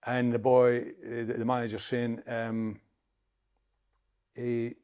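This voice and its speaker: A Scottish man in his seventies telling a story as an interview guest, halting and repeating words as he chats. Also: medium pitch, completely flat delivery, darkish tone, clear, resonant tone. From Scotland. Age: 70s. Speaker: interview guest, former footballer. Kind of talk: anecdotal storytelling.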